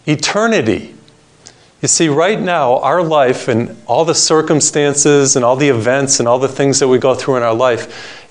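Man preaching a sermon, slow and emphatic. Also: mid-range voice. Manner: storytelling, varied pace, emphatic slowing on key points. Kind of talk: sermon with gospel reading and joke.

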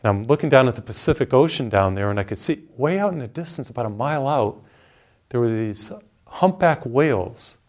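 A middle-aged man preaching a relaxed sermon, telling stories and guiding listeners through slow, deep breaths.

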